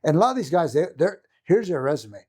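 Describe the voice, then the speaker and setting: A middle-aged man tells a story as a podcast guest, his voice husky and a little rough. He talks fast and keeps acting out what other people said, often repeating himself as he goes. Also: fairly high pitch. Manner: animated, acts out quoted voices, repeats himself. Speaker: podcast guest, martial arts coach. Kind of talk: casual storytelling.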